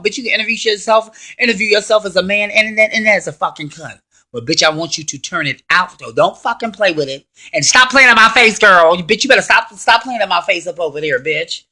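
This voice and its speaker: A man's voice: high voice, exaggerated voice. A man in his thirties putting on a brash, foul-mouthed, sassy diva woman in a self-interview rant. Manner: loud, profane, sassy trash talk.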